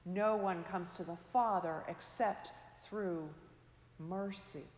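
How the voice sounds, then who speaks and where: Woman preacher, slow measured sermon, soft trailing endings, echoey hall with long reverb. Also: lowish voice.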